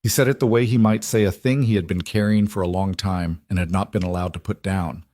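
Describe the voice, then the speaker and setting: A man narrating a scripted story in a measured, even storytelling manner. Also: deep voice, no room sound.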